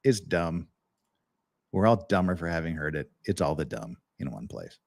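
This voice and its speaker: A man doing a mocking impression of his guest, low and scornful. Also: sing-song, normal speed, gravelly, a little mellow, exaggerated voice.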